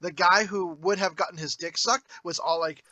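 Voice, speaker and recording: Bright, high-voiced man joking crudely. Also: fairly even intonation, moderate pace, no room sound. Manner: casual, rambling, crude humor. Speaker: podcast co-host. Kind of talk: crude comedic movie review banter.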